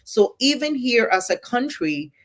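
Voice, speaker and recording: A woman's voice: fairly high pitch, sing-song, a little slow. Emphatic woman co-hosting a podcast. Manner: emphatic, persuasive, often tags "right?". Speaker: podcast co-host. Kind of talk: earnest conversational podcast talk.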